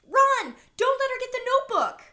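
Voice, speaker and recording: A woman voicing an excited young schoolboy who talks in an urgent, shouting way, for a read-aloud storybook. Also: very high-pitched, normal speed, pitched above the performer's own voice, full character voice.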